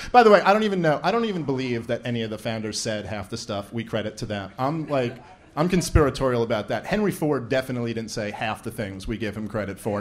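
Against a noisy background, a man with a mid-range voice performs stand-up on a live event stage as the opening act. He's sarcastic, wanders off on tangents, and laughs at his own jokes a lot.

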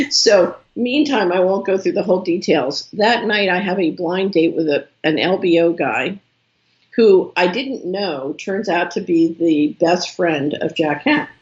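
A woman's voice: fairly low pitch, unhurried. Woman spinning a story in an interview, acts out all the quotes, kinda dull lo-fi sound. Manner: animated storyteller who acts out quoted dialogue. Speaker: interview guest.

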